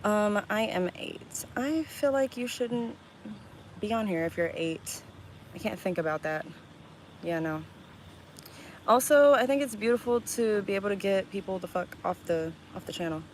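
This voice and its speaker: A young woman streamer talking casually to her chat, blunt and profane, with quick laughs and sudden loud outbursts. Her pitch sits in a middle range. A faint noise hums under her voice. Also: animated, low-quality recording. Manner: blunt and profane, reading chat aloud and snapping back.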